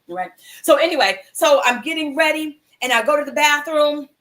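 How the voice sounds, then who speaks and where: A woman with a high-pitched voice hosts a mindfulness livestream. She tells an uplifting personal story to her viewers, animated and casual, and slips into the voices of the people in it. It sounds like a home livestream mic. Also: normal speed. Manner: animated, acts out quoted voices, casual slang. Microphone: livestream computer mic.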